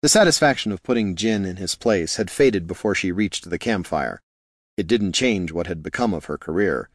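A man narrating a fantasy novel in a steady, measured way. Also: low voice, no echo, studio quality. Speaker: audiobook narrator.

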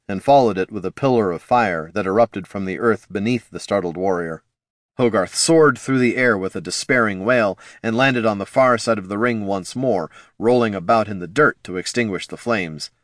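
A man narrating a fantasy audiobook in an expressive storytelling manner. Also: on the low side, no room sound, clean studio sound.

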